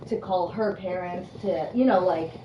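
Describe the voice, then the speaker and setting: A woman's voice: fairly low pitch, moderate pace, reverberant, distant mic, lo-fi sound, slight background noise. A woman telling a personal story in a casual chat, quoting others as she goes. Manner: animated storytelling, quoting others, laughing often.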